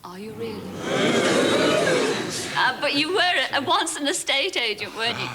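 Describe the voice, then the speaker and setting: A woman hosts a TV game show in a high, bouncy voice that swoops around as she teases the contestants. A loud studio audience fills the background. The sound is a hissy old VHS tape recording. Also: very animated, normal speed, a loud crowd. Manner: teasing, jokey, chatty. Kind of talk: lively studio banter with contestants.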